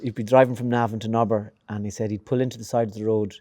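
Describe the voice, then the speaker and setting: Warm-toned Irish male interviewer. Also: lowish voice, level tone, quick pace, no echo, clean studio sound. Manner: chatty storyteller, laughs through anecdotes. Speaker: host. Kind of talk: conversational interview.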